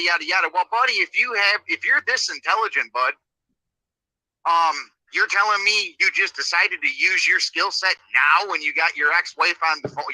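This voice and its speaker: A man in a casual conversation, skeptical and sarcastic as he picks apart someone's story. His voice is very bright and sharp, sitting a little high, recorded dry and close. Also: no room sound, rough recording. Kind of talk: casual chat.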